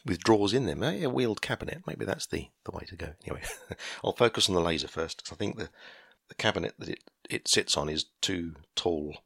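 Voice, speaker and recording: A man in his fifties chatting on his own and drifting from one tangent to the next. His voice is very low and husky, with a bright, forceful edge. The sound is dry and close, with no echo. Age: 50s. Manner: rambling, easily sidetracked, chuckling at himself. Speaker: podcaster. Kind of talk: casual solo monologue. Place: garden shed workshop.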